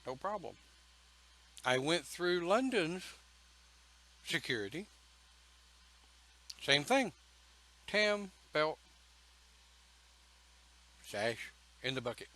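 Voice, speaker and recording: A man telling a personal story in a slow, folksy, emphatic way, with pauses between phrases. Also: fairly high pitch, big pitch swings, pushed and bright, rough recording. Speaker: pagan church speaker.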